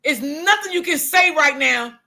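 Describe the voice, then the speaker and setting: High bright-voiced profane woman streamer. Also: expressive, normal speed. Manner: blunt, profane, outspoken, talks to chat as y'all. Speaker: live stream host reading chat. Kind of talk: casual live stream commentary.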